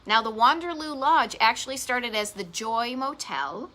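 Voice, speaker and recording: A woman's voice: a little high, animated, normal speed, pushed and bright. A woman with a Boston accent hosting a live online show about vintage travel spots, chatting casually and enthusiastically with self-deprecating asides. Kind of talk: casual live-stream chat. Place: home garage office.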